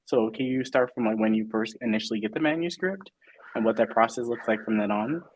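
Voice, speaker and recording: A man's voice: medium pitch, brisk, low-quality recording. A man hosting an interview, asking long, rambling questions in a casual, chatty way. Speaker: interviewer, host.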